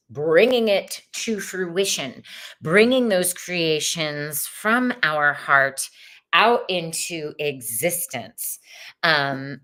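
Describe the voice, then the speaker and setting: A woman hosting a livestreamed tarot reading, chatty and expressive, greeting viewers in the chat as she pulls cards. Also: sits low. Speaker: tarot reader.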